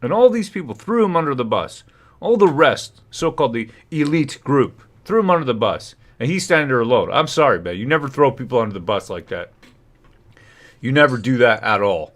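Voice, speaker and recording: A man's voice: medium pitch, big pitch swings, a little fast. A man hosting a livestream, ranting in heated, indignant bursts while reacting to a hearing. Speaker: livestream host.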